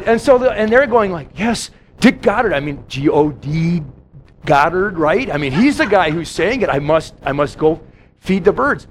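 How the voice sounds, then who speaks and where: Lively, animated male preacher. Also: high voice, a little hiss or hum. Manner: storytelling with quick acted-out quotes. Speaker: pastor. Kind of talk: sermon.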